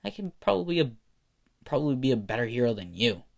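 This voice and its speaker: A man's voice: medium pitch, sing-song, fast, vocal fry. A man voicing a brash, cocky teenage boy hero in a casual, offhand way.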